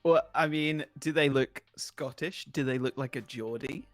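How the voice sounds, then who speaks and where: A man's voice: medium pitch, moderate pace, no echo, faint music behind. A young man co-hosting a game stream, chatting in a playful, chatty way. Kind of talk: casual chat.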